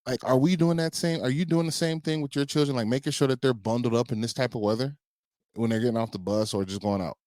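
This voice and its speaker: A man co-hosts a podcast with an easygoing, conversational delivery and a mid-pitched voice. He tells stories and turns questions to his co-host. The recording is dry and close. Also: fairly even intonation, fast talker, a little mellow, no echo. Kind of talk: casual chat.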